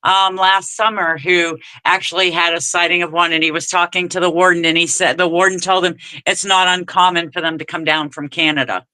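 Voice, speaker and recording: Male podcast guest. Slightly high, very bright voice; hesitant and matter-of-fact. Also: little pitch movement, fairly quick, few pauses, clean tone, poor audio. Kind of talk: casual chat.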